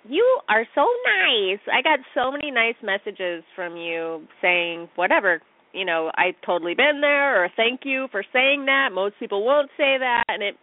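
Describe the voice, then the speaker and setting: A woman's voice: medium pitch, dry recording. A woman hosting her own podcast, chatting casually in a bubbly, giggly, self-deprecating way. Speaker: podcast host. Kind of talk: casual solo podcast talk. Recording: tinny phone-line sound.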